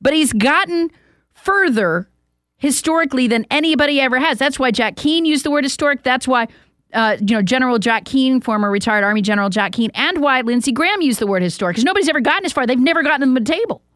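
A woman's voice: sits high, lively intonation, fast talker, fairly bright tone, dry recording, studio quality. Emphatic opinionated woman radio host. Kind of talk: political commentary monologue.

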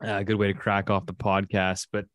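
A man's voice: lowish voice, completely flat delivery, moderate pace, dry recording, clean studio sound. A man from Canada hosting a finance podcast, reading an ad and chatting loosely with many fillers and restarts. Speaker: podcast host. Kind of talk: casual podcast chat and ad read.

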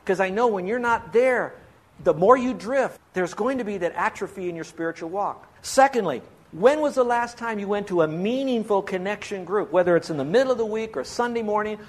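An earnest pastor with a notably high voice for a man preaches from a church pulpit. He pleads with his listeners and presses them with questions, lifting and dropping his pitch in a lively way. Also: a little fast. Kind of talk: sermon.

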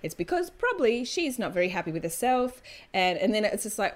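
Woman, thirties, mid-pitched, blunt deadpan humor, swearing, casual co-host chat. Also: a little fast. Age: 30s. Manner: dry, blunt, swears freely. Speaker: podcast co-host.

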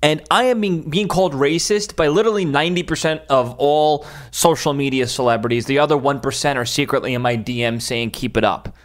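A man's voice: medium pitch, fairly quick, few pauses. A man who is a social media influencer, delivering a heated, emphatic opinion rant with frequent restarts.

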